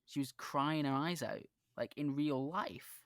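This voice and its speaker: A man's voice: fairly high pitch, a little slow, a bit bright, no room sound, clean studio sound. A man hosting a casual podcast chat, an earnest storyteller who often halts and restarts his sentences while recalling a game he ran as dungeon master.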